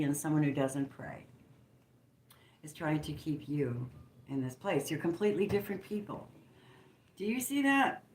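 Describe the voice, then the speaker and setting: A woman giving a spontaneous channeled tarot reading, emphatic and preachy, moving between hushed and forceful and swearing bluntly. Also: sits low. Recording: roomy echo with faint background noise.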